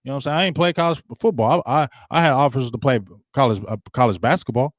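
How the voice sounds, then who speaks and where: Speaking at a quick pace with a medium-pitched voice, a middle-aged sports talk show host rants with heat and slang to his live viewers, repeating himself as he goes. The sound is studio quality, with no echo.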